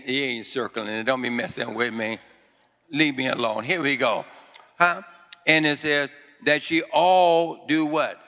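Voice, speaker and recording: A man's voice: mid-range voice, bright, forceful tone. A male pastor preaching a sermon, repeating phrases and calling on the congregation to answer, with fervent declarations in a raised voice. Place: church sanctuary before a congregation. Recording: long reverb of a large church hall.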